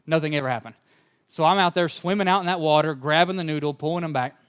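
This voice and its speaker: Male pastor, slightly high voice, sermon with homespun storytelling. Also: fast, clean tone. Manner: fervent at the open, then relaxed anecdotal storytelling.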